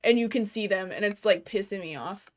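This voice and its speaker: A young adult woman streams a game from her bedroom, talking briskly in a mid-range voice. Her chatter is loose, full of swearing and "like."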